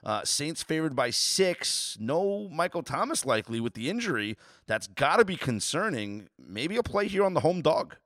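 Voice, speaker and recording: A man hosting a sports betting podcast, easygoing and quick to laugh. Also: on the high side, big pitch swings, a bit bright, dry recording, studio quality. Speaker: podcast host. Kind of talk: casual sports podcast chat.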